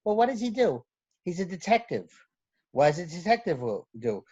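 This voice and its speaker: A male teacher telling an animated story about his class on a casual panel. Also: high-pitched, normal speed, husky. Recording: dull lo-fi audio.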